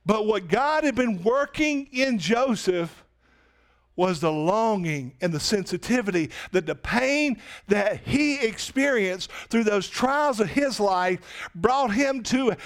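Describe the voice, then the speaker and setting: A high-voiced man pastor preaches an emphatic sermon. He takes his time and stretches out his lines. His voice swells on repeated questions. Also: expressive, slow pace.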